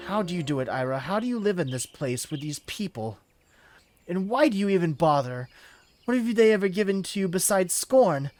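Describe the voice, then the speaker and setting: A man voicing a sad, soft-spoken young woman archer in a game, talking earnestly. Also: high voice, expressive, normal speed, pitched above the performer's own voice. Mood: pleading. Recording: clear background music.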